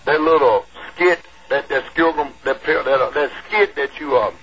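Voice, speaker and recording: A man's voice: a little high, moderate pace, a bit bright. A man chatting as a guest on a radio show, eager and stammering as he restarts his sentences. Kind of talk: casual radio talk. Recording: dull lo-fi radio audio.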